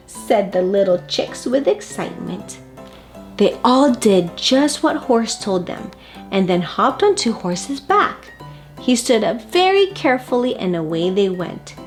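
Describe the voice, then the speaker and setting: A woman reads a children's picture book aloud at a slow, unhurried pace. Her voice sits a little higher than most and moves with lively, animated pitch. Faint music plays behind her. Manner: slow, expressive, addresses children. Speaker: storybook reader for children.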